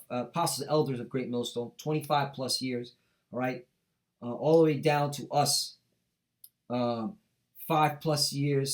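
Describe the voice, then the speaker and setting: A middle-aged man preaching a heated street sermon, reading scripture and breaking off into profane rants, punctuating lines with "all right?" and "man". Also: mid-range voice.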